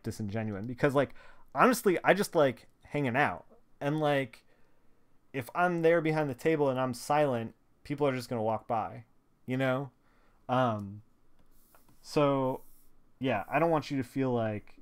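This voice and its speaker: A man, a comic colorist, talking casually on a live stream from a home studio at a desk mic, rambling with lots of "like" fillers. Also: mid-range voice. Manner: rambling, filler-heavy, frequent "like". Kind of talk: casual chat while working.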